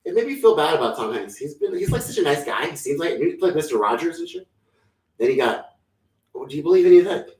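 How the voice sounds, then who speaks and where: A man rambles through a casual comedic chat. His speech is full of slang and silly asides, and his pitch swings widely. He sits back from the mic in an echoey room. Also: very animated, quick pace, darkish tone, distant mic. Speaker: podcast co-host.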